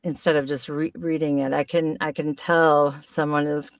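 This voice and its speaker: A middle-aged woman, a voice actor, talking in a casual podcast conversation, animated and playful with frequent laughs. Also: low voice, normal speed, distant mic. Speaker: voice actor guest.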